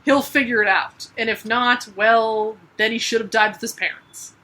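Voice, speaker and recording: Sarcastic bright-voiced female podcast host. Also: on the high side, fairly even intonation, low-quality recording. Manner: sarcastic, quick jokes, laughs often. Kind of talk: casual comedic chat.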